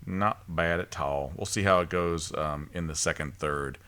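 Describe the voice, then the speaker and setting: A man's voice: very deep voice, normal speed, sharp tone, smooth. A man co-hosting a casual review podcast, rambling along with lots of ums and restarts. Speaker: podcast host.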